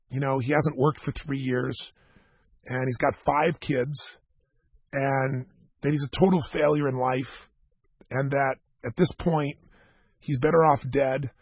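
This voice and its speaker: A man giving a motivational seminar talk, telling a story to a live audience in an animated way and acting out the dialogue. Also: mid-range voice, unhurried, vocal fry, breathy edge, no room sound. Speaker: motivational speaker.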